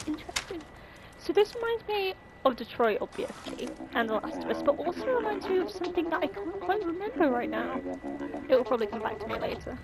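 A woman's voice: on the high side, lively intonation, fairly quick, a loud crowd, poor audio. Chatty woman playing a game aloud. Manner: chatty, thinks aloud, reads game text. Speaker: gaming video creator. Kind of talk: casual let's play commentary. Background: loud game music.

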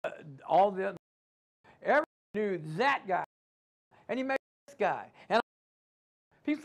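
A man's voice: high-pitched, sing-song, unhurried, vocal fry, pauses often. A man preaching a sermon in a church, calling out to his congregation and acting out the inner voices of doubt. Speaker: pastor.

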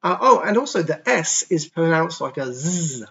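A man teaching English to young children online, explaining words patiently and sounding them out slowly and clearly. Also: a little high, big pitch swings, sharp tone, dull audio. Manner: patient, slow, over-articulated pronunciation demos. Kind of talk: online class for kids.

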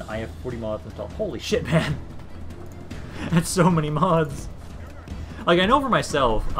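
A man's voice: mid-range voice, sharp tone. A young man from Minnesota live-streaming a strategy game, chatting casually with viewers and cursing now and then. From Minnesota, USA. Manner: chatty and laid-back, swears casually, talks to chat and units. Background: game battle music.

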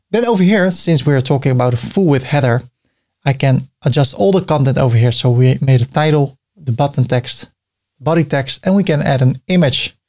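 A man explaining a website builder step by step in a screen-recorded tutorial, thinking aloud as he clicks, with a few filler pauses. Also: mid-range voice, creaky, a little mellow. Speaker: web design tutor.

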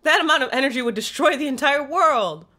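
A woman voicing a fussy, bookish professor in a game, reading his lines in a measured, scholarly way. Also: high-pitched, animated, pushed and bright. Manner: measured, scholarly, slightly hesitant.

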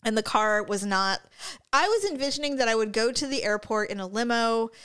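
A woman co-hosting a casual podcast, telling a travel story with lively quoted asides and frequent laughter. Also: on the high side, brisk, clean tone. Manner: chatty storyteller, laughs often, acts out quotes. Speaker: podcast co-host. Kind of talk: casual chat. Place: indoor room with co-hosts. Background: live stream, a third person nearby.

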